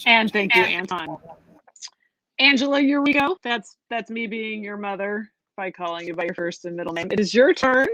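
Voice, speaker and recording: A woman's voice: medium pitch, moderate pace, sharp tone, dry recording, low-quality recording. Woman, poetry stream co-host, dry close sound, friendly, rambling. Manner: friendly, rambling, with many ums. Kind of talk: casual chat.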